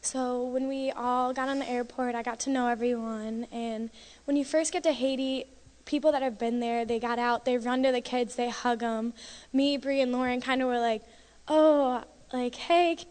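High-voiced teen girl in an echoing church. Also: fairly even intonation, moderate pace, a little mellow. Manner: chatty, many "like"s, emotional. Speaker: mission trip member giving testimony. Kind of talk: church testimony. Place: church sanctuary. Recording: long reverb of a hall.

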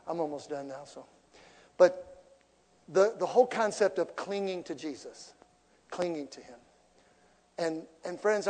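High-voiced preacher in a reverberant hall. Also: male voice. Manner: animated preaching with jokes and asides. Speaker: pastor. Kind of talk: sermon. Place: church.

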